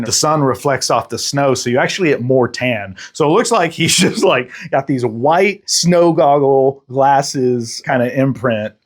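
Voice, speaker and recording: A man hosting a casual, joking movie recap, full of slang and quick acted-out voices. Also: medium pitch. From Texas. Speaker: podcast host and film reviewer.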